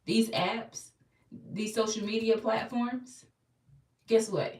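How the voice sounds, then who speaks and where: A woman's voice: on the high side, fairly even intonation, slow pace, a little mellow. A young woman giving an emphatic, preachy pep talk on a live stream. She repeats key lines and has viewers say them back in call-and-response. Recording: echoey room, far from mic.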